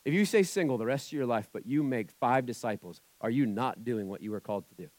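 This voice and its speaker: A male pastor delivers a sermon in a loose, conversational way, slipping into quoted voices as he goes. His voice sits in a middle pitch. It is recorded close and dry, with no room echo. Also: expressive, fast talker, a little mellow.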